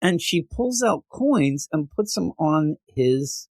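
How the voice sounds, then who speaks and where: A man co-hosting a casual comic book review podcast, animated and acting out characters' lines in quick voices. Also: a little high, no echo. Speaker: podcast co-host.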